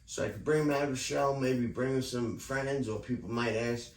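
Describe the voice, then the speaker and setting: A man's voice: medium pitch, fairly even intonation, moderate pace. A man vlogging a rambling, profane rant about his neighbor and his housing program. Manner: profane, heated, digressive. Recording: echoey room, distant mic, faint ambience.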